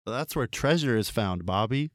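Speaking at a moderate pace in an animated, medium-pitched voice, a comedy podcast co-host plays game narrator for a goofy fictional scene. He cracks jokes, laughs often and puts on silly voices, recorded in clean studio sound with no room sound.

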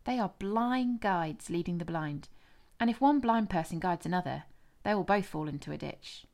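Jesus, calm authoritative teacher, read by a woman. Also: lowish voice, normal speed. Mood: firm.

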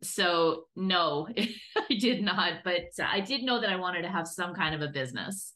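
A woman's voice: fairly low pitch, unhurried. A middle-aged woman, a guest in an interview, telling her story casually and with animation. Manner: animated storytelling, laughs often. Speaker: guest, creative director.

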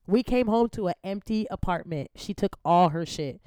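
A woman's voice: on the low side, moderate pace, clear, resonant tone, no echo, studio quality. A young woman hosting a podcast, casually telling a personal story with lots of slang and swearing, from the Bay Area. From San Francisco Bay Area. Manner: slangy, profane, animated retelling. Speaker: podcast host.

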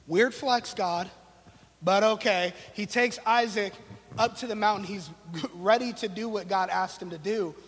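A man with a notably high voice gives a relaxed, conversational sermon. He mixes slang and playful sarcastic asides into his preaching. His voice trails off in a long reverb. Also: measured pace, husky.

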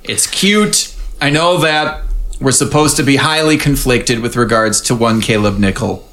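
A man's voice: medium pitch, measured pace, a bit bright. A man co-hosting a podcast, recapping a TV episode in playful casual chat and laughing often. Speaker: podcast co-host.

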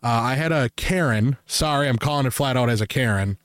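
A man's voice: mid-range voice, brisk, no echo, clean studio sound. Rambling, joking man on a podcast. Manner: rambling, laughs often, jokey, puts on loud childish voices in anecdotes. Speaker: podcast host. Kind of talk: casual podcast chat, storytelling.

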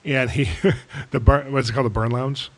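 A podcast host with a medium-pitched voice and moderate pace tells a story during an interview. He's an animated storyteller whose enthusiasm keeps building as he goes.

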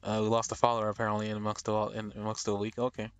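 A man's voice: fairly low pitch, monotone, racing, dry recording, soft background music. A man hosting a casual anime podcast, hesitant and tripping over names as he reads. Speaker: podcast host. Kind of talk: casual chat.

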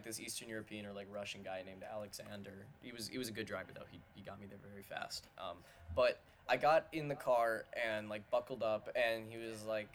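A man co-hosting a podcast, telling a lively story in casual chat. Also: fairly low pitch, slight background noise. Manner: animated storytelling, often quoting others. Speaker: podcast co-host.

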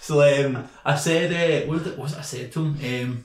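A man's voice: a little high, normal speed, reverberant. A man in his twenties telling a rambling, sweary story between laughs in a casual podcast chat. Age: 20s. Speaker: podcast co-host. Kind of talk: casual banter.

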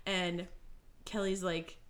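A woman in her thirties co-hosting a casual podcast, telling animated family stories and breaking into loud laughter. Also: on the low side, slow. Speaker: podcast co-host. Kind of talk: casual chat.

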